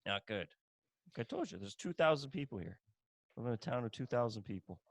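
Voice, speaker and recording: A man's voice: mid-range voice, big pitch swings, a little fast, vocal fry, no room sound. A man hosting a podcast, chatting casually in a blunt, profane, joking manner. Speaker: podcast host. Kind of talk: casual chat.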